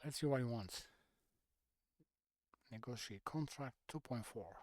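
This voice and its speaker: A man offers easygoing gameplay commentary, half-muttering over menu selections in slightly non-native wording. He speaks at a measured pace in a medium pitch, captured in a dry recording.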